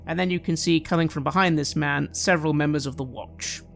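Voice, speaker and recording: A woman narrating as game master for a tabletop roleplaying game, describing scenes in measured detail. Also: low voice, vocal fry, soft background music.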